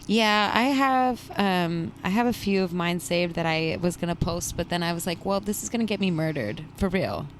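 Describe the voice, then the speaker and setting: A woman hosting a podcast in casual chat, laughing often and telling animated stories. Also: on the low side, moderate pace, hardly any pauses, a little hiss or hum. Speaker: podcast host.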